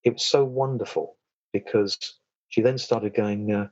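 A man's voice: on the low side, steady tone, unhurried, a little mellow, no echo, dull audio. A man talking as a podcast guest about self-defense and trauma, rambling with frequent restarts. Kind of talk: casual interview chat.

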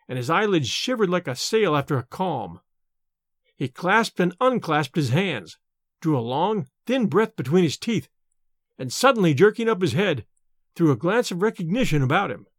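A man narrates an audiobook in a measured, expressive manner. His voice is high and swings widely in pitch. The recording is dry and close, with no room echo.

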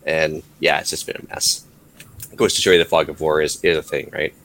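A man's voice: a bass voice, flat delivery, a little fast, fairly bright tone, a little hiss or hum. A Canadian man co-hosting a podcast, chatting casually and joking as he rambles through the news. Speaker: podcast co-host. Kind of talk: casual chat.

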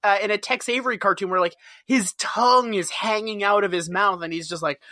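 A woman's voice: mid-range voice, brisk, pushed and bright, no echo, studio quality. A woman in casual comedic podcast chat, riffing on a TV episode with profanity and disgust. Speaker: podcast co-host.

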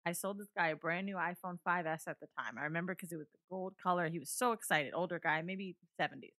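Storyteller woman, bright lively voice, dry close mic, swearing freely. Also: fast talker, no room sound. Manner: animated, profane, acts out quotes with big pitch jumps. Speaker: podcast guest. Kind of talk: casual storytelling chat.

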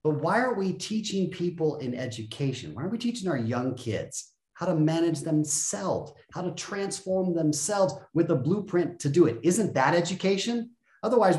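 A man's voice: medium pitch, reverberant. A man speaking as a guest on a podcast, blunt and emphatic, often acting out other people's voices to make a point. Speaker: guest, self-help speaker. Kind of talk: energetic podcast conversation.

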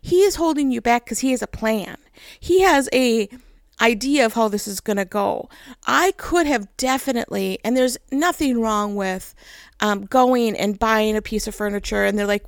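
Woman, higher voice with gravelly fry, dry close sound; lively devotional storyteller. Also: normal speed, dry recording. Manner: animated storytelling, acts out voices. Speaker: devotional speaker. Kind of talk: casual faith talk.

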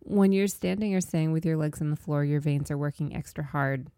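A woman co-hosting a podcast, chatty and quick to laugh. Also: sits low, dark tone, no room sound, clean studio sound. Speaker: podcast co-host. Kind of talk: casual podcast chat.

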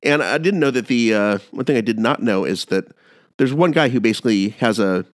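A man chatting on a podcast, animated and rambling, often restarting his sentences. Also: medium pitch, fairly quick, dry recording, clean studio sound. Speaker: podcast co-host. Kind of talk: casual podcast chat.

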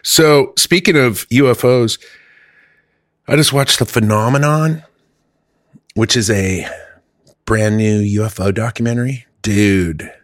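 A man's voice: medium pitch, slow pace, long pauses, no echo, studio quality. A man co-hosting a podcast, casual and crude, joking and swearing freely. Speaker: podcast co-host. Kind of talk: casual comedic podcast banter.

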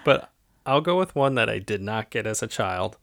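A man co-hosting a podcast, chatting casually about a movie, animated and often laughing as he recounts scenes. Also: fairly low pitch, moderate pace, vocal fry, no echo, clean studio sound. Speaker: podcast co-host. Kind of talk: casual movie-review chat.

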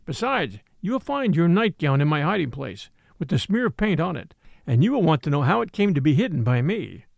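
A man's voice: fairly high pitch, big pitch swings, a little fast, vocal fry, no room sound. A man voicing a young female servant's solemn written confession. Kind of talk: audiobook letter reading.

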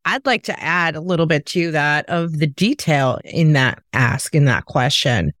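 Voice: mid-range voice, expressive, measured pace, a bit bright, no echo, studio quality. A podcast host chatting with a guest and adding their own example to the discussion. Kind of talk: podcast interview.

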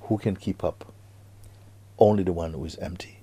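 Man giving a spiritual talk, really low dark voice, kinda husky, hushed then suddenly emphatic. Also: fairly even intonation. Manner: slow, hushed delivery with sudden emphatic rises. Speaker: spiritual teacher.

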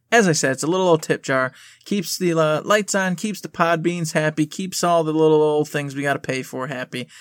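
A man's voice: fairly high pitch, a bit bright, no echo, studio quality. A man co-hosting a casual podcast, joking and rambling with a sarcastic streak. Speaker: podcast co-host.

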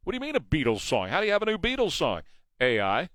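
A man hosts a morning talk show on the radio, pressing his points with rhetorical questions. His voice sits on the high side, and the sound is dry and close to a studio mic. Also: wildly swooping pitch, fast, fairly bright tone, no echo. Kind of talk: morning news talk monologue.

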